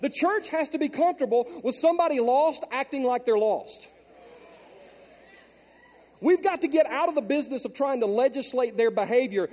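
A male pastor delivers a storytelling sermon in a high, lifted voice. He drops to hushed asides, then climbs to loud, emphatic peaks. The sound rings with the long reverb of a big church hall. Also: expressive, normal speed. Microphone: handheld mic.

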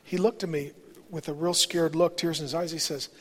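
Slightly high and a bit bright, the man's voice holds a steady tone and moves a little fast. He's a pastor in his forties giving a sermon built on candid, chatty personal stories, recorded in a large church auditorium with long reverb.

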